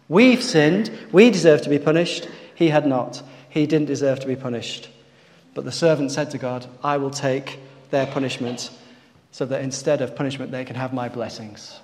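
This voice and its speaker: A man's voice: a little high, a little mellow, big-room sound. A man preaching a sermon to his congregation, asking them questions and calling on people by name.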